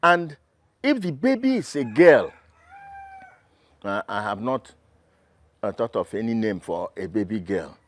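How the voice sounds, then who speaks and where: With a fairly low voice, big pitch swings, a measured pace and long pauses, a Nigerian-accented actor plays a father who calms his pregnant daughter and then angrily confronts the man responsible by phone. The tone is indignant, tender and pleading before the anger, and the dry recording sits in a film soundtrack with loud music.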